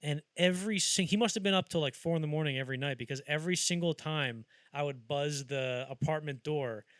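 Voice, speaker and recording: A man's voice: a little high, a little fast, a bit bright, dry recording. A man hosting a podcast, chatting casually about film history and acting out anecdotes as he rambles along. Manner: rambling storyteller who acts out quotes. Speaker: podcast host.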